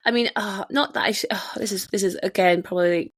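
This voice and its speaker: A woman hosting a podcast, talking casually and emphatically, with her pitch leaping up on stressed words. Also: fast, husky, no room sound. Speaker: podcast host.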